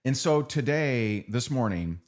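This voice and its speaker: A man's voice: mid-range voice, lively intonation, unhurried. A middle-aged man giving a motivational training talk. He speaks conversationally, repeats phrases and keeps asking his audience "right?".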